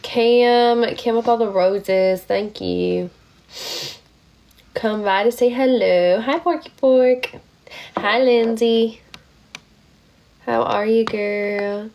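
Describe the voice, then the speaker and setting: A woman's voice: fairly high pitch, takes it slowly, vocal fry, long pauses, darkish tone, a little hiss or hum. A young woman, sick and tired, chatting casually on a phone livestream, thanking viewers with lots of fillers.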